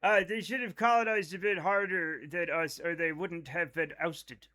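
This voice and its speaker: A man's voice: high-pitched, fairly even intonation, moderate pace, pushed and bright. An American man in his thirties streaming a game live, joking casually and reading chat aloud. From United States. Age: 30s. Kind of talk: casual chat while gaming.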